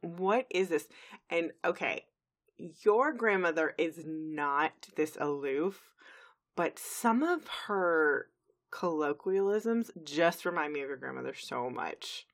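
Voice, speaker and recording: Woman, low voice, podcast co-host, casual recap chat, chatty with fillers. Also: animated, slow. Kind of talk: casual podcast episode review.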